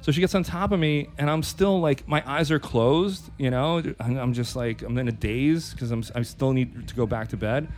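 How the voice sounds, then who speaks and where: A man's voice: mid-range voice, moderate pace, few pauses, a little mellow, soft background music. Male podcast co-host, rambling storyteller, stumbles over words, laughs a lot. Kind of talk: casual chat, telling a sex story.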